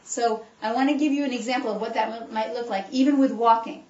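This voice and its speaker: A woman chiropractor giving an animated exercise talk, coaching her listeners along as she demonstrates. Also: fairly high pitch, quick pace. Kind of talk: animated instructional talk to a group. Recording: echoey room, voice picked up from a distance, dull sound.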